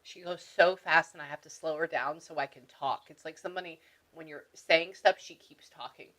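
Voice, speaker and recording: A woman working as a spiritual medium who talks excitedly with a client, laughs often and relays what a spirit tells her. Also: deep voice, brisk, low-quality recording. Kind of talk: reading session for a client.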